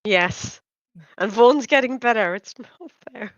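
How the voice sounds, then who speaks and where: A woman's voice: a little high, animated, dry recording. Chatty woman on dull, dry audio. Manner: chatty, many fillers, quick asides. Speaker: co-host of a live stream. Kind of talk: casual chat.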